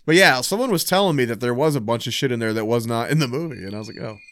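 A man's voice: medium pitch, lively intonation, racing, fairly bright tone, no room sound, clean studio sound. A man in casual, profane, joking chat about horror films, musing at length.

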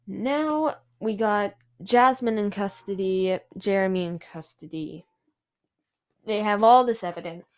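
A woman's voice: medium pitch, measured pace, darkish tone. A woman hosting a true crime podcast, telling the case in a chatty way with frequent fillers. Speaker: podcast host.

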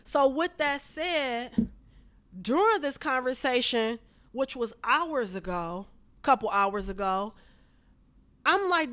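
A woman's voice: sits high, lively intonation, measured pace, bright, forceful tone, no room sound. A woman, venting to her viewers in a heated, profane, repetitive way. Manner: heated, profane, repeats herself. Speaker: vlogger.

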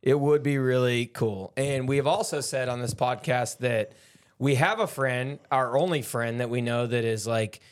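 A man's voice: medium pitch, moderate pace. A man co-hosting a podcast, chatting casually about a movie, rambling and restarting his sentences, often acting out people he quotes. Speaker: podcast co-host.

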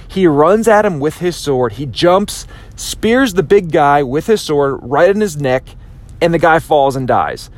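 Animated male motivational podcast host. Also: a little high. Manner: animated, repetitive restarts, acts out quotes. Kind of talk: motivational talk.

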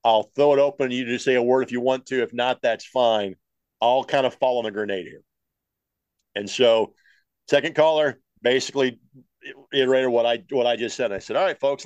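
A middle-aged man, a play-by-play broadcaster, talking at length in an even, matter-of-fact voice of middling pitch. The sound is dry and close, with no room in it. He slips into the lines he told callers without breaking his steady flow. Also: fairly quick, smooth, no echo, muffled recording. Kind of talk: interview, telling stories.

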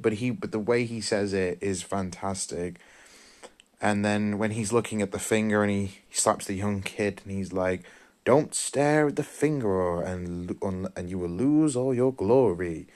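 A man with a somewhat low voice talks through a film review in a loose, casual way. He rambles and gushes with enthusiasm as he goes. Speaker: podcast host.

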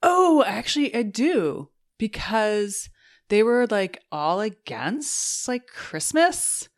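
A woman's voice: on the high side, sing-song, takes it slowly. A woman co-hosting a casual chat show, chatty and teasing, laughing often. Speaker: podcast co-host.

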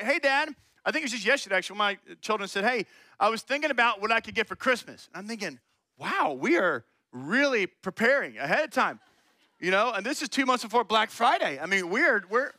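A man's voice: high voice, bright, forceful tone, no echo. A man preaching a conversational sermon, playfully acting out little scenes and voices. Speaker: pastor.

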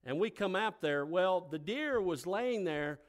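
An older man who is a pastor, telling folksy stories that build into loud, emphatic preaching. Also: high-pitched, lively intonation, unhurried. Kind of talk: sermon with storytelling.

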